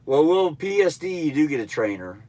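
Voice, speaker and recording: A man's voice: on the high side, very animated, a little fast, a little mellow. A man with a nasal, stuffed-up voice chatting casually on a live stream, answering viewers in a laid-back, blunt, rambling way. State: stuffy nose. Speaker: truck driver trainer livestreaming.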